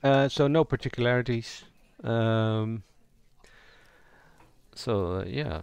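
A man's voice: medium pitch, a little slow, gravelly, a little mellow, clear, resonant tone, no echo, highs cut off. A man giving a casual spoken tutorial on voicing roleplaying characters, thinking aloud and improvising as he goes. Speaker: roleplaying game player explaining character voices.

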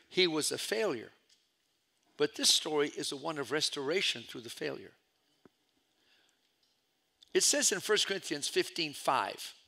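A middle-aged man preaching a storytelling sermon as pastor, swinging from loud calls to hushed asides. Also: a little high, creaky.

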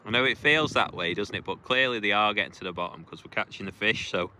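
Low-voiced man commentating lakeside. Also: fast, sharp tone. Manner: chatty, encouraging, gives timings. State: shivering from cold. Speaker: angler filming a fishing challenge. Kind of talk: casual commentary and chat. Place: outdoors at a lakeside, kneeling in mud. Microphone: handheld camera mic. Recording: outdoor background noise.

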